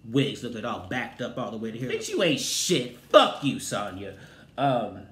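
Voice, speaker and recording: A man giving a sassy, profane recap of a reality show, with loud exclaimed outbursts. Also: mid-range voice, expressive, moderate pace. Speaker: TV recap host. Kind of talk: casual review commentary. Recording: roomy echoey room.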